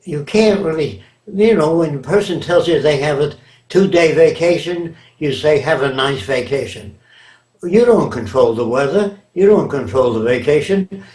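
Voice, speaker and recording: An older man holds forth in an interview with a lecturing, emphatic delivery and a somewhat high voice. His words ring with a roomy echo around him, and he keeps checking whether his listener follows. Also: animated, moderate pace, a little mellow. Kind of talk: reflective interview answers.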